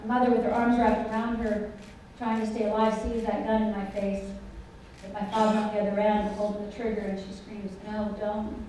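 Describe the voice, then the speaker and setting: A middle-aged woman telling a personal story to a conference audience, animated and often asking the listeners questions. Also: medium pitch, brisk, distant mic, a little hiss or hum. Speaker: conference speaker. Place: large conference hall. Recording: echoey hall, voice picked up from afar.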